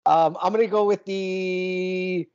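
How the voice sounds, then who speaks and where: A man's voice: high-pitched, fairly even intonation, slow, darkish tone, clean tone, dull audio. A man co-hosting a sports betting podcast, casual, laid-back and self-deprecating.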